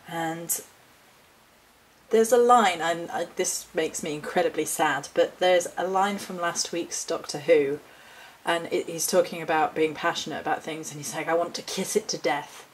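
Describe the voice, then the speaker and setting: A woman vlogging about her handmade nature altars, speaking with passion in a lilting, expressive way. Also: fairly low pitch, measured pace, slight background noise. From United Kingdom. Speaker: hedge witch and altar maker. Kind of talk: spiritual vlog talk.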